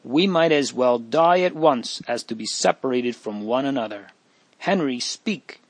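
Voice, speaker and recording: A man's voice: measured pace, no room sound, close to an everyday voice. A man voicing an earnest pleading young girl. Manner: raised pitch, emotional pleading.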